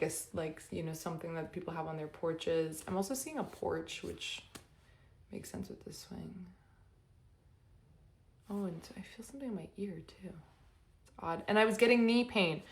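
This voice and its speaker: A woman doing an intuitive tarot reading in a loose, rambling way, often stopping herself and laughing. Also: medium pitch. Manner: rambling, self-interrupting, giggly. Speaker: tarot reader.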